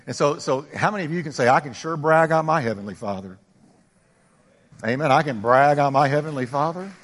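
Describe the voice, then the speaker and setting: An older male pastor preaching in a church sanctuary, his fairly high voice carrying through a long, echoing hall. He swings from loud, emphatic exclamations to soft, close asides as he preaches. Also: lively intonation, brisk. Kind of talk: sermon.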